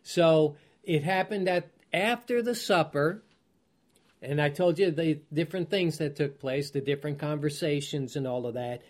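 A man's voice: fairly high pitch, a little mellow. A man teaching a Bible study, reading scripture aloud and then explaining it, often chuckling and checking in with his listeners. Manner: asks listeners rhetorical check-in questions.

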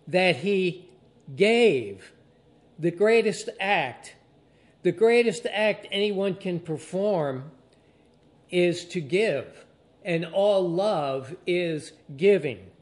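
A pastor preaching a sermon to his congregation, slowly stressing key phrases and drawing out his emphasis. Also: a little high. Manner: slow, deliberate preaching with drawn-out emphasis.

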